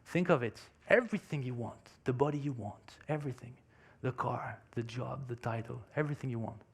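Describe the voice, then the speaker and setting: A man with a mid-range voice, vocal fry and a breathy edge speaks a little fast. Using English as a second language, he tells a story in an emphatic motivational conference talk, with non-native phrasing.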